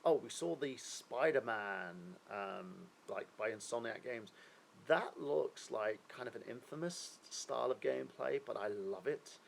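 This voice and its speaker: Rambling gravelly man chatting on a stream. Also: mid-range voice, expressive, unhurried, slight background noise, rough recording. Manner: rambling, opinionated, asks viewers questions. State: unwell. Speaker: live stream host. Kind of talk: casual live-stream chat.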